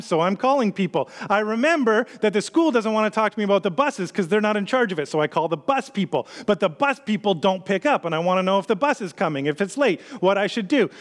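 A man in his thirties, a pastor, telling a personal story in a conversational sermon style and building tension with quick repeated phrases. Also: high-pitched. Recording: long hall reverb.

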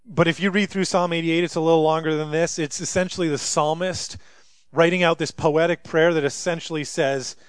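A man preaching a sermon as pastor, acting out scripture voices with rising intensity and then dropping quiet. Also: on the high side, a little fast, clear, resonant tone, no room sound. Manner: animated, dramatizes scripture voices, rising loudly for emphasis.

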